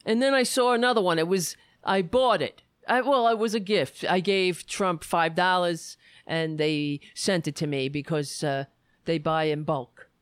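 A woman's voice: fairly low pitch, measured pace, smooth, no echo, studio quality. A woman comedian giving sarcastic, mocking commentary.

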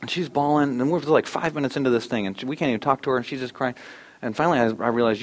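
A man in his thirties, a pastor preaching a sermon in church, earnest, dropping soft and low at times, then rising loud and animated. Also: rapid-fire.

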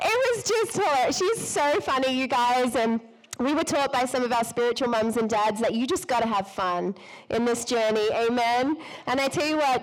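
A woman hosting an event on stage, her voice a little raised in pitch and slightly hoarse from a cold. She talks in a bubbly, effusive way and laughs easily. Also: rough recording. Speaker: event host. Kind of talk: enthusiastic welcome speech to a live audience. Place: event hall before an audience.

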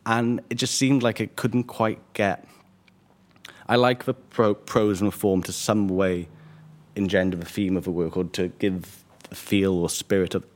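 A man, an author, reading his own fiction in a measured, wry way and answering questions. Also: on the low side, fairly even intonation.

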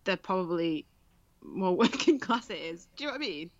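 A woman's voice: on the low side, a little fast, dry recording, muffled recording. A woman from southern England chatting casually as podcast co-host, laughing and acting out little quotes. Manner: laughing, animated quoting of others. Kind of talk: casual chat.

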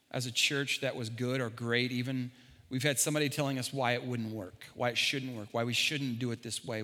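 A man preaching a sermon as pastor, animated and jokey, stumbling and repeating words. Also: medium pitch. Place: large church hall. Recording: long hall reverb.

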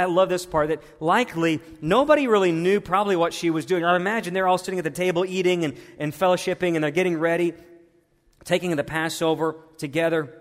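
A man preaches in a church, his voice pitched fairly high for a man. He swings from loud, urgent appeals down to hushed, intimate tones. The sound carries a long reverb from the hall. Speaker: pastor. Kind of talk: sermon. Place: church sanctuary.

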